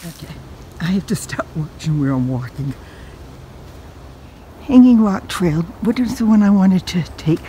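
A woman's voice: on the low side, big pitch swings, measured pace, long pauses, dark tone, a little hiss or hum. An older woman narrating a casual walking vlog outdoors on a hiking trail, chatty and self-deprecating, a bit out of breath, talking to herself as she goes. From New England, USA. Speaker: vlogger.

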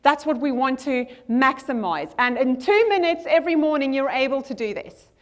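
High-voiced, energetic woman speaker. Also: normal speed. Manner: energetic, emphatic, repeats key lines and checks the audience follows. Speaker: motivational conference speaker. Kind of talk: motivational talk leading a group affirmation. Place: conference hall with a screen.

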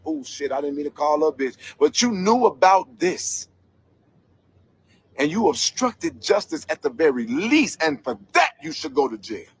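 A man's voice: fairly high pitch, vocal fry, breathy edge. A man giving an angry vlog commentary rant, heated, profane and emphatic. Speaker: commentator investigating a local scandal.

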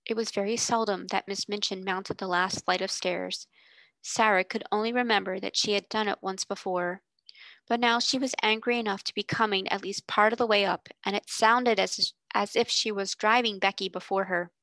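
Female narrator, steady read-aloud storytelling, some vocal fry. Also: mid-range voice, normal speed, dry recording, poor audio. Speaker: tutor reading aloud.

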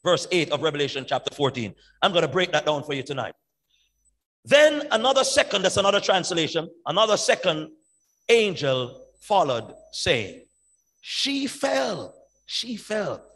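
A male pastor preaching an evangelistic sermon, driving each point home with loud emphatic peaks and dropping to quiet asides. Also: fairly high pitch, sing-song, moderate pace. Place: large church sanctuary. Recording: long church hall reverb.

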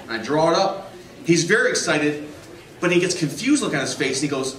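A man doing a stand-up comedy set in a club, telling stories deadpan and acting out his customers. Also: a little high, fairly quick. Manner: deadpan storytelling, voicing customers. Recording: roomy, distant, noisy club recording. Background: audience laughter.

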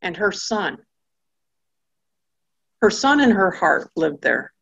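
A woman teaching a Bible study class in a lively storytelling style, acting out the people in her stories. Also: mid-range voice, takes it slowly, vocal fry, slightly rough, dull audio. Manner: acts out characters' voices in quotes.

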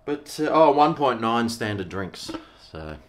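A man's voice: mid-range voice, very animated, a little slow. A middle-aged Australian man, a vlogger, rambling in a laid-back, slangy way while he tastes and reviews a beer. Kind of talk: casual beer review vlog.

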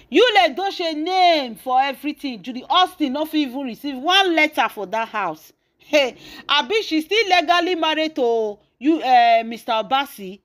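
A woman with a Nigerian accent tells celebrity gossip to her fans. Her voice sits a little high, and she acts out every quoted line with dramatic exclamations. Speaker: gossip channel host.

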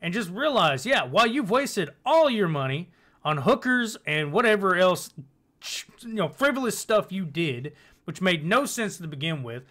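Rambling high bright-voiced man commentating. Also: big pitch swings, normal speed. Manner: rambling, swears, trails off and restarts. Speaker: commentary channel host. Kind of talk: casual commentary.

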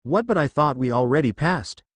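A man's voice: on the high side, expressive, moderate pace, breathy edge, dry recording. A man voicing a brash, hot-headed teenage boy ninja in a read-aloud fan story. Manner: brash and shouty.

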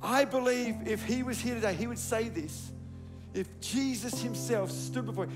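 High-voiced man preaching a sermon. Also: normal speed, over loud music. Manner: emphatic, storytelling, dropping soft on key words. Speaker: pastor.

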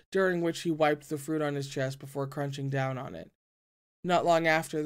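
Casual novel reader, mid-pitched, self-correcting, stumbles, chatty asides. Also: a little mellow. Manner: stumbles over words and corrects them, groans at the text. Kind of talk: reading a novel aloud with commentary.

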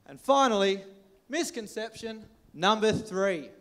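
An Australian man with a notably high voice presents in a scripted skit. He announces each point in a deliberate way. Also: animated, a bit bright.

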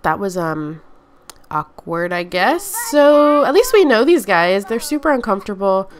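A woman's voice: mid-range voice, very animated, a little slow, slight background noise. A young woman giving chatty Let's Play commentary, talking to her game characters, her nose stuffy from allergies. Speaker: gaming YouTuber.

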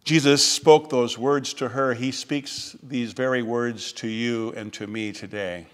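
A pastor preaching a sermon in a measured way, slowing and softening on key phrases. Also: male voice, medium pitch, fairly even intonation. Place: church sanctuary. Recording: reverberant church sanctuary.

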